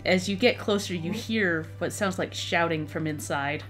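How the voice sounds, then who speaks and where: A woman's voice: fairly low pitch, normal speed, faint music behind. A woman narrating a tabletop game as dungeon master, describing scenes with occasional stumbles and repeated words.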